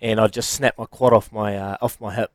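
A man telling a story about an old injury on a casual podcast, with expressive delivery. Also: lowish voice, fairly quick, no room sound. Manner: expressive, lively intonation. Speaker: podcast co-host, former player.

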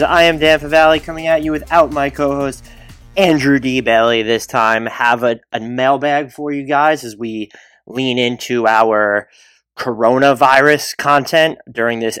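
A man's voice: mid-range voice, fairly bright tone, smooth, no room sound. A man hosting a solo basketball podcast, chatty and rambling with restarts and asides. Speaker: podcast host.

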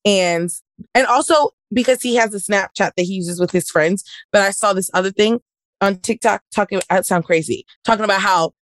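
A woman's voice: medium pitch, brisk. A woman hosting a podcast, chatting casually and acting out both sides of an argument as she tells a story. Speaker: podcast host. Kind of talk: casual chat.

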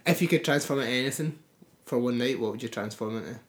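A man co-hosting a relaxed podcast, possibly with a lilt. He keeps the banter going with teasing jabs and frequent laughs, at a middle pitch. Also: quick pace, roomy sound, slight background noise. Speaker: podcast co-host. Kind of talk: casual banter.

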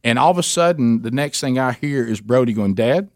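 A man's voice: mid-range voice, lively intonation, fairly quick, no echo, clean studio sound. A middle-aged man hosting a talk radio show, telling a story with many restarts.

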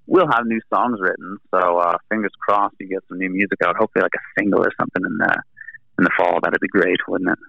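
A man's voice: low voice, little pitch movement, quick pace, gravelly, dry recording, dull audio. A Canadian man, a band's singer and guitarist, talking in a laid-back, rambling way as an interview guest. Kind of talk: casual interview chat.

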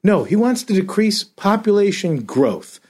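A man's voice: high-pitched, big pitch swings, measured pace, darkish tone, husky. A man on a podcast, a comedian ranting and swearing in exasperated casual chat. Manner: self-described comedian. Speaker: podcast co-host.

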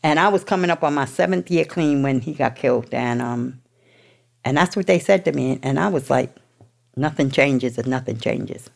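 A woman's voice: deep voice, fairly quick, creaky, a little mellow. A woman from New York telling her recovery story to an audience in a blunt, profane, emotional way. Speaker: recovery speaker. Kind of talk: candid personal recovery story.

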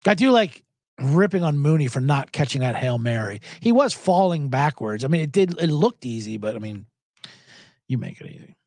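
A man hosting a casual sports podcast, talking in an animated, profane way and jumping between topics with loud mocking impressions. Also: mid-range voice, normal speed, dry recording. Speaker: podcast host.

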